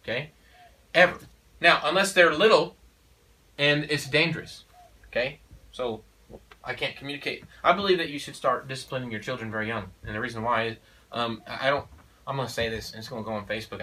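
Medium-pitched and fast-talking, his delivery pushed and bright, a father of four explains his parenting views. He's emphatic and preachy in this casual chat, often using "you know" and "okay?". Low-quality recording from a distant mic.

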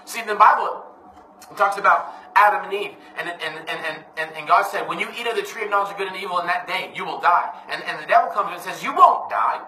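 A man's voice: sits high, fast talker, bright, forceful tone, a little hiss or hum. A man preaching an informal, emphatic sermon, often calling his listeners "man". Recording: echoey room, voice from a distance.

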